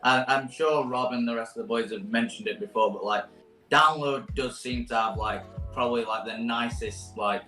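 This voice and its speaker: A man's voice: medium pitch, moderate pace, sharp tone. A young man on a podcast, chatting in a laid-back, casual way. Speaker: podcast guest. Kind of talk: casual chat. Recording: roomy sound with faint music.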